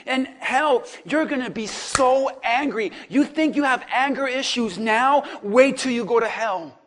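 A male pastor preaching a sermon, acting out the cries of people with sudden shouts. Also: very high-pitched, a little slow, few pauses. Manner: dramatic, acts out voices of people in hell.

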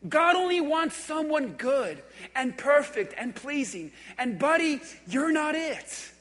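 A man's voice: extremely high pitch, big pitch swings, takes it slowly, fairly bright tone, heavily acted. A man voicing a taunting male devil who mocks and coaxes the listener. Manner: mocking, scornful, coaxing. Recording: echoey hall.

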